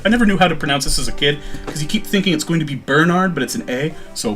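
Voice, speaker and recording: A man's voice: on the high side, animated, fast, hardly any pauses, a bit bright, faint music behind. A man playing an old adventure game and casually chatting about it. He reads bits of text aloud and breaks in with joking asides and fillers. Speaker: let's-play host.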